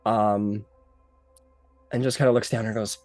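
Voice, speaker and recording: A man's voice: on the low side, little pitch movement, a little slow, a little mellow, no echo, faint music behind. A man narrating a tabletop game as game master, casual and rambling with many fillers.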